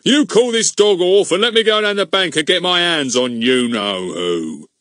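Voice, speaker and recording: A man's voice: lowish voice, lively intonation, a little slow, bright, forceful tone, husky, no echo, clean studio sound, exaggerated voice. A man voicing a blustering, pompous middle-aged village policeman who stammers when flustered, in an audiobook. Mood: gloating.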